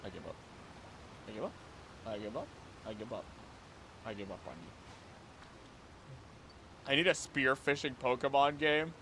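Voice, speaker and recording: Bright, lively male game streamer. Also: medium pitch, normal speed, long pauses, breathy edge. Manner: playful, chatty, talks to the game creatures and chat. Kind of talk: live gameplay commentary.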